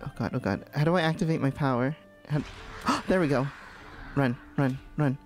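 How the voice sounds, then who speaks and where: A man doing live gameplay commentary as a VTuber streamer, excitable and giggly, panicking and repeating words in bursts. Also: mid-range voice, normal speed, faint music behind.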